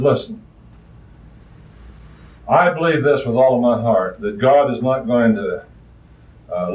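A man preaching a sermon with passion, his voice swinging between loud rises and soft, quiet asides. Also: medium pitch. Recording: distant, roomy, muffled old recording.

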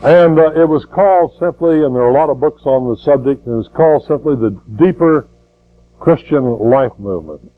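A man's voice: mid-range voice, normal speed, phone-quality sound. An older man preaching a sermon in a folksy way, repeating words and rising to fervent emphasis.

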